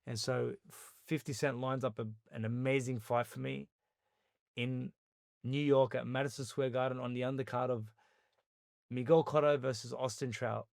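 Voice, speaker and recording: Gravelly Australian man telling a story. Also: mid-range voice, normal speed, no echo, clean studio sound. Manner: animated retelling, acting out others' words in quotes. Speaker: podcast guest, boxer. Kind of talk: conversational storytelling.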